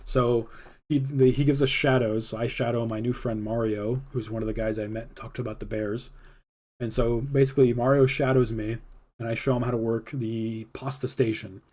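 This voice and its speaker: A man's voice: medium pitch, steady tone, normal speed, darkish tone. A man hosting his own podcast, telling a personal story in a casual, rambling way, full of fillers and laughing often. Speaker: podcast host.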